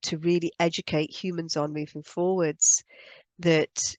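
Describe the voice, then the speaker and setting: A woman's voice: low voice, level tone, unhurried, a little mellow, dry recording. A woman speaking as a spiritual healer, explaining her views in an earnest, emphatic monologue and repeating points for stress. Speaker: spiritual healer teaching on energy.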